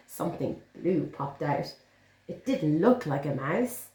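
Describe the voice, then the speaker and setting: A woman's voice: low-pitched, lively intonation, takes it slowly. Woman reading to children. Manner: warm, encouraging, sing-song. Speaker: children's teacher. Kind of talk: reading a picture book aloud to children. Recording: roomy echo.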